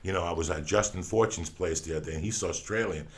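Gravelly, profane man in casual chat. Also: deep voice, fast. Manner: profane, animated storytelling.

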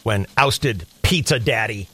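A man's voice: lowish voice, slow, bright, forceful tone, husky. A male radio co-host telling a comic news story in a gossipy, teasing way.

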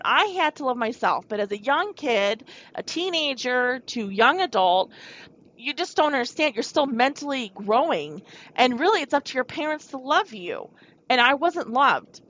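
Bright-voiced woman telling her story. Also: high-pitched. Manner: rambling, frank, talks straight to viewers. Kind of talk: candid confessional storytelling. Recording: dull lo-fi recording.

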